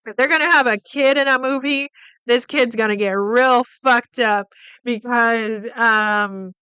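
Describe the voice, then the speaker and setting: A woman hosting a podcast retells a film's plot casually, swearing a lot, using many fillers, and quoting lines. Her fairly high, clear, resonant voice is unhurried, and the lo-fi recording has no room sound.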